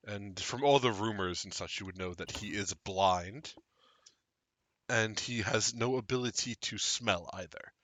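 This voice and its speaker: A man narrating a tabletop game as game master, with measured storytelling and ominous pauses. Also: lowish voice, a bit bright, a little hiss or hum.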